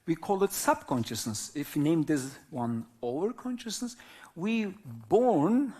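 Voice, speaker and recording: A man's voice: on the high side, very animated, a little mellow. A man in his fifties from Turkey, a native Arabic speaker, giving a reflective live talk as a whirling dance teacher in simple non-native English, often checking in with listeners. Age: 50s. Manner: slow, philosophical, checks in with listeners.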